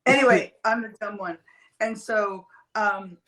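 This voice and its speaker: A woman's voice: mid-range voice, unhurried, a crowd in the background. Chatty woman telling stories, echoey room. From Canada. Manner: chatty storytelling, casual swearing. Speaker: TV host guest. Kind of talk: casual livestream chat.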